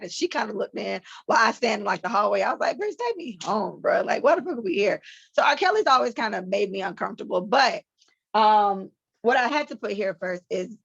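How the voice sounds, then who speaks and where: Woman, 30s, podcast host, blunt and profane, casual commentary, gravelly voice, dry muffled mic. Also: mid-range voice, no room sound. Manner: blunt, profane, animated storytelling.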